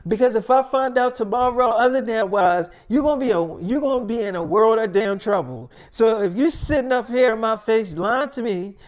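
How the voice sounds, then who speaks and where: Young man as a foul-mouthed furious mom laying down the law, high-pitched voice. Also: animated, normal speed, few pauses. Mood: angry. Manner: swearing, scolding, threatening. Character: furious strict mother scolding her teen daughter.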